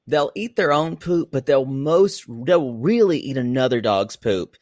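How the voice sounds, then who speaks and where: A man co-hosting a comedy podcast from home, with bawdy, sarcastic banter. His voice swings widely in pitch. The recording is dry and close. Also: lively intonation, unhurried, a little mellow, dry recording. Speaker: podcast co-host. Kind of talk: casual comedic recap chat. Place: apartment room at home. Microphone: podcast microphone.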